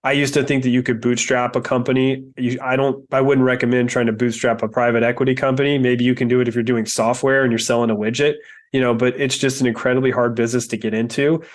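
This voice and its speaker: A man's voice: medium pitch, level tone, fast talker. A man who invests in real estate, speaking as a podcast guest in an earnest, reflective way with many fillers. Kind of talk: interview podcast.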